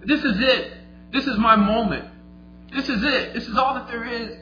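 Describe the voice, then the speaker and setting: A man's voice: very high-pitched, normal speed, pushed and bright, a little hiss or hum, pitched above the performer's own voice. A man preaching who voices a desperate outcast leper in strained, rising cries. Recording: echoey, slightly dull, faint music.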